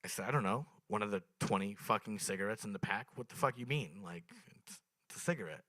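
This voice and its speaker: Young man doing dark stand-up, bright dry voice. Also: lowish voice, fast, dry recording. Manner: dark deadpan storytelling, frequent swearing. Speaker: stand-up comedian. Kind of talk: stand-up comedy set. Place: small open mic venue.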